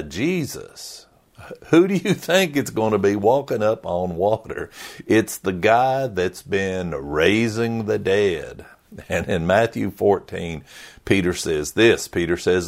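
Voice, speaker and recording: Male pastor, earnest sermon delivery, low pitch, animated intonation. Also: slow pace. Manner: earnest, preaching with lively rises and falls.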